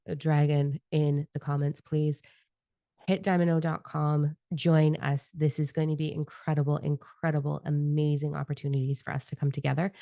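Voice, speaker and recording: A woman's voice: low-pitched, vocal fry, mellow, no echo. A woman giving a spiritual energy forecast with tarot cards in a passionate, rambling and profane monologue. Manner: fervent, profane and rambling, admits getting carried away.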